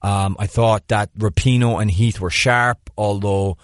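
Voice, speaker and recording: A man's voice: lowish voice, unhurried, no room sound. Dry-voiced man breaking down plays. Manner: animated, breaks down plays in detail. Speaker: podcast co-host. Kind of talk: casual sports analysis chat.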